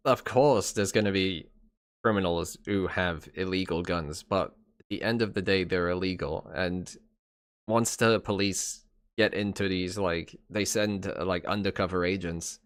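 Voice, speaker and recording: A man's voice: low voice, steady tone, measured pace, clear, resonant tone. A man from England who speaks with an American-sounding accent, giving his views in a rambling way on a live stream. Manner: rambling, many fillers and restarts. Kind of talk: casual live-stream chat.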